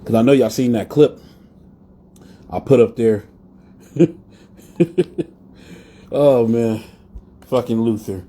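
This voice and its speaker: A man's voice: mid-range voice, slow pace, long pauses, mellow. A man hosting a live wrestling talk show in a blunt, profane, rambling way. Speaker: podcast host. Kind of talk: casual live-stream rant.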